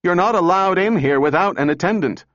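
A man doing a yelling, flustered engineer. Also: high voice, animated, brisk, no room sound, pitched above the performer's own voice. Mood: indignant. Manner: yelling, indignant. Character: shouting, flustered male robot engineer. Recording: dull dry recording.

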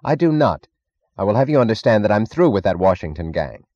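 Guy reading as a haughty old scientist barking orders, deep dark voice. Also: big pitch swings, a little fast, no room sound, highs cut off. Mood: imperious. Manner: imperious, clipped commands. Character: arrogant elderly male scientist, contemptuous.

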